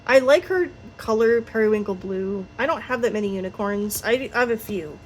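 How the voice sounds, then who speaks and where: Woman vlogger, casual rambling show-and-tell, mid pitch, faint hiss. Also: fairly quick, darkish tone. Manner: chatty and rambling, frequent ums and little laughs. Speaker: toy collector vlogger.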